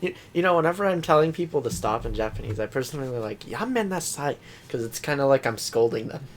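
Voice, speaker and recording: A man co-hosting a casual podcast, joking and quick to laugh. His pitch sits in the ordinary middle range, and a faint background hiss stays under his voice. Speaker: podcast co-host. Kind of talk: casual chat.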